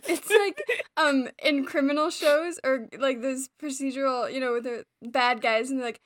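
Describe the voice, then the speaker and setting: A woman's voice: sits high, normal speed. A woman in her twenties chatting casually as a player, rambling with lots of fillers and laughs. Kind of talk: casual chat.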